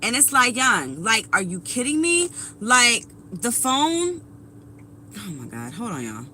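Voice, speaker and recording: A woman's voice: a little high, very animated, slow pace, pushed and bright, slight background noise, rough recording. A woman in her thirties doing a casual live tarot reading, talking bluntly and with profanity straight to her viewers. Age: 30s. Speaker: tarot reader.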